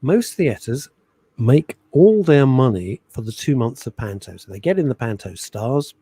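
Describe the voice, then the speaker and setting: A middle-aged male radio host with a slightly husky voice that swings up and down a lot as he tells stories. He chats casually and sometimes breaks into little sung jingles. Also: medium pitch, unhurried, no room sound, rough recording. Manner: animated storyteller, sings jingles and little musical stings. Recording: radio studio.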